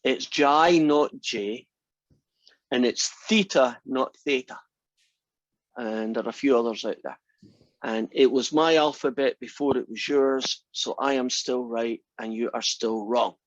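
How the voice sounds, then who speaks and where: A man's voice: mid-range voice, normal speed, dry recording. Scottish male math instructor, dry teasing wit, close dry sound, muffled lo-fi recording. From Scotland. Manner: dry teasing humor, relaxed and chatty. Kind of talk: classroom lecture.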